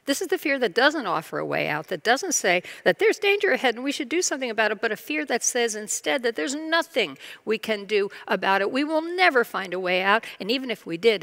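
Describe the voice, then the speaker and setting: A woman's voice: mid-range voice, a bit bright. Woman pastor, recovery lesson, earnest, conversational, personal, mid-range voice.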